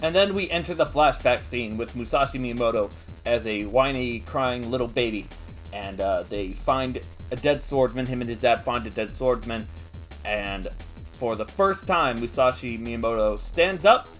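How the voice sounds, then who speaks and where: A man hosting a casual manga recap, chatty and animated with laughing asides. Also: mid-range voice, moderate pace, faint music behind. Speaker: host.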